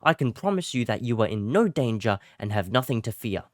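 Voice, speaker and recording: A man's voice: mid-range voice, big pitch swings, a little fast, no echo, studio quality, natural voice. A man putting on a British accent to read out a friend's reassuring message in a mock-posh, upbeat way. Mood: friendly.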